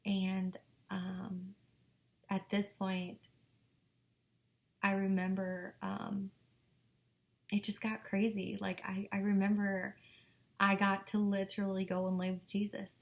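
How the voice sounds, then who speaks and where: A young woman telling a personal story to her viewers, halting with many fillers and restarts and often dropping to a whisper. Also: mid-range voice, completely flat delivery. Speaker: vlogger.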